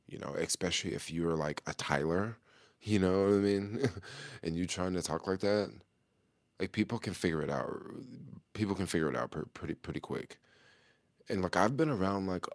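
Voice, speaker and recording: Low-voiced man, slangy and laid-back. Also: dry recording. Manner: loose, slangy street talk with frequent chuckles. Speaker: vlogger answering a viewer question. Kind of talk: casual talk to camera.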